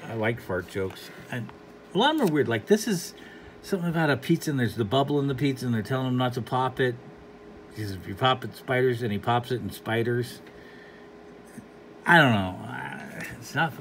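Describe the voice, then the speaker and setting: Man, casual comic review, rambling, dry, unimpressed, mid pitch, faint background hiss. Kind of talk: casual commentary.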